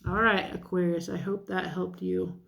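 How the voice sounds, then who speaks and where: A woman's voice: on the low side, flat delivery, normal speed, gravelly, fairly bright tone. A woman giving a casual tarot card reading, chatty and self-deprecating, thinking aloud as she turns each card. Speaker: tarot reader.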